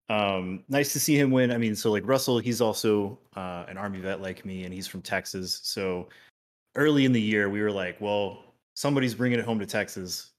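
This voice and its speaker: Relaxed low-voiced male podcast guest. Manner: relaxed, trails off quietly at phrase ends. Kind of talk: casual podcast chat.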